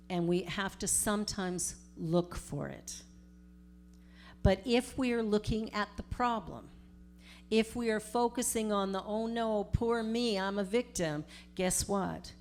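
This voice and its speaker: A middle-aged woman, a minister giving a storytelling sermon in a conversational, animated way. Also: mid-range voice, slow pace, pauses often, a little hiss or hum. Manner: conversational, animated retelling with acted-out quotes.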